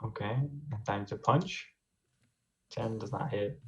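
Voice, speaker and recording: A man playing a tabletop game, laid-back and quick to laugh, on a lo-fi mic with keyboard clicks behind him. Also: lowish voice, a bit bright. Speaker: player.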